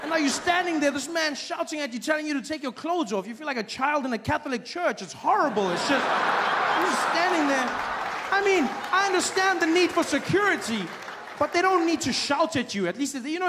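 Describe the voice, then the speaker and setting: A man from South Africa doing stand-up comedy, acting out shouting officials in animated voices. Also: very high-pitched. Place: stage before a live audience. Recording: live show with audience noise.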